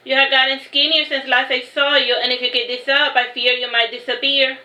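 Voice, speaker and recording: A woman's voice: high-pitched, little pitch movement, fairly quick, sharp tone. A woman voicing a teasing, domineering adult nobleman in a storybook reading, playful and mocking in a roomy echo.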